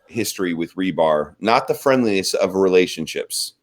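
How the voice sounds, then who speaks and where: A man's voice: deep voice, animated, moderate pace. A man chatting casually as a podcast guest, laid-back and easygoing, with casual slang.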